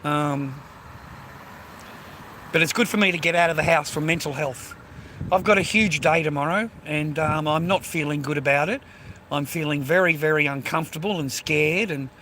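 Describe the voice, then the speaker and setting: A man's voice: on the high side, pushed and bright, slight background noise. An Australian man streaming a casual, rambling walk-and-talk outdoors on a street near the beach, swearing constantly and ending lines with mate and bro.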